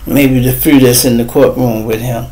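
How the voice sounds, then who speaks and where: A middle-aged man from Chicago with a Chicago accent, hosting a casual commentary rant and talking straight to his viewers, animated and swinging between loud and soft. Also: medium pitch, moderate pace, poor audio. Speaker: host of a commentary channel.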